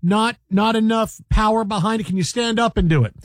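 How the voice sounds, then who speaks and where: A man hosting a talk radio show, bantering playfully with co-hosts, laughing often and slipping into quick impressions. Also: high-pitched, no room sound, clean studio sound. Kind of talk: casual sports radio banter.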